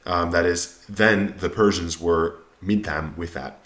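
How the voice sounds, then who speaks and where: A man reading aloud from an old text and explaining it line by line, halting often with ums and self-corrections. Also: low voice, steady tone. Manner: reads the old text more loudly than his explanations. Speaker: language teacher reading aloud. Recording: echoey room.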